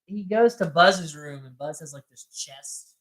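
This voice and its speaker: Bright-voiced casual podcast co-host. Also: mid-range voice. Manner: narrates plot with quick acted-out quotes. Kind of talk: casual movie-recap chat.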